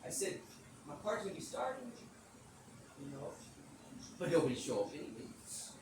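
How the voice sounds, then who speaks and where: A man hosting a podcast, telling a rambling, animated story in speech, swearing casually and acting out the quotes. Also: a little high, moderate pace, distant mic. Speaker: podcast host. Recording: echoey room, off-mic, background noise.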